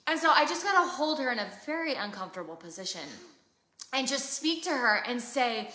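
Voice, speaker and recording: A woman's voice: high-pitched, expressive, fairly quick, sharp tone. A woman in her thirties co-hosting a live faith chat, talking earnestly and emphatically like a preacher. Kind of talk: casual live conversation. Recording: roomy echo.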